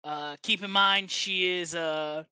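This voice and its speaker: A game master narrates a tabletop game with a loose, rambling flow full of pauses and restarts. The voice is bright and sits close in a dry recording. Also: mid-range voice, steady tone, clear, resonant tone, no room sound. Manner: rambling, many fillers and restarts.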